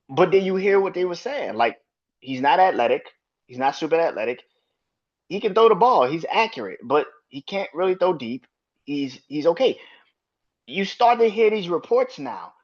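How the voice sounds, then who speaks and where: A man with a voice that sits high hosts a solo sports podcast, ranting emphatically with heated profanity and arguing back at imagined critics. The recording sounds muffled.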